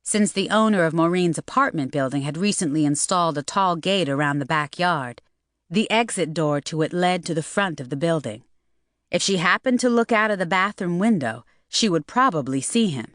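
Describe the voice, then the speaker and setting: A woman narrating an audiobook in a steady, even reading voice. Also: lowish voice, moderate pace, no room sound, studio quality. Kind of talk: scripted narration.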